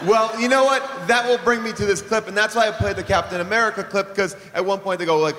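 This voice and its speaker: A man hosting a live comedy podcast in front of an audience, quick and joking as he leads the show. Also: high-pitched, sharp tone, in a large hall. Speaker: podcast host.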